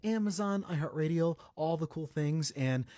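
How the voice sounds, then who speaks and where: A man's voice: a little high, normal speed, mellow, no room sound. A young man from the United States hosting a casual celebrity news podcast, chatty and joking, correcting himself as he goes. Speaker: podcast host.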